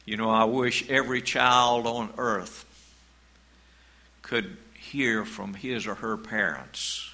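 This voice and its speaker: A man preaching a sermon as pastor, in a slow, measured way, reading scripture aloud. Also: on the low side, fairly even intonation, sharp tone, rough recording.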